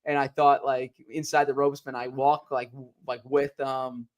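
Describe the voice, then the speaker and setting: A man co-hosting a sports podcast in casual chat, talking in an excitable, rambling way. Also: medium pitch, moderate pace.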